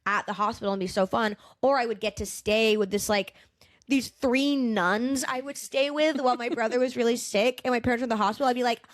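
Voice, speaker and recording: A woman stand-up comedian from the Boston area, chatting casually as a podcast guest. She tells stories in an animated way, with a lot of fillers and frequent swearing. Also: fairly high pitch, a little fast, no room sound, clean studio sound.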